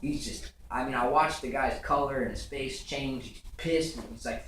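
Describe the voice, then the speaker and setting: A man's voice: medium pitch, normal speed, few pauses, fairly bright tone, slight background noise. A young man doing a stand-up routine, telling rambling stories full of fillers and restarts. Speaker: stand-up comedian. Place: comedy stage. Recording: rough, echoey club recording from far off.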